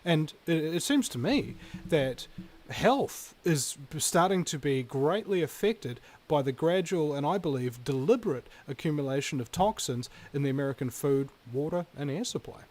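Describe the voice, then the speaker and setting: A man hosting a radio talk show, talking in a rambling, animated way with many fillers. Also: a little high, moderate pace. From New Zealand. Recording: radio broadcast.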